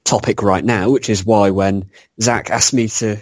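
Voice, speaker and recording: Male history podcaster as guest, lowish voice, dead-dry sound, wry jokes. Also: steady tone, a little slow, no room sound. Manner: dry sarcastic humor, cackling laughs. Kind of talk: casual podcast interview. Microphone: video call.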